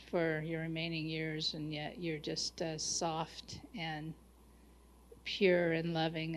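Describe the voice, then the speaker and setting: A woman in a church group chat, effusive and halting as she gives praise, with many restarts. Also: on the low side. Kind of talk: casual chat.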